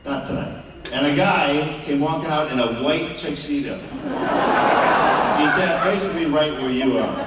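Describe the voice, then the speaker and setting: A man's voice: on the high side, unhurried. Sardonic man in an echoey hall. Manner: sardonic, teasing the audience. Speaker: guest answering fan questions. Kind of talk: convention Q&A panel. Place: large indoor convention hall. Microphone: filmed from the audience on a far camera. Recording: echoey hall recorded from far off, crowd noise.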